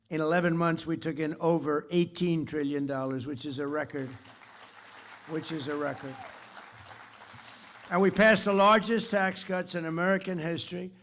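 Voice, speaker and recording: Rambling boastful keynote speaker, a man with a very gravelly, somewhat high voice, repeating himself from a stage podium. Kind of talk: political speech. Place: stage of a large theater.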